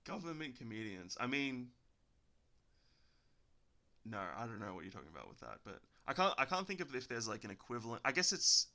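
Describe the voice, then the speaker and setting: A man's voice: mid-range voice, very animated, fairly quick, long pauses, pushed and bright. A man with an Australian accent hosting a casual podcast chat, rambling through asides and laughing often. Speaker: podcast host.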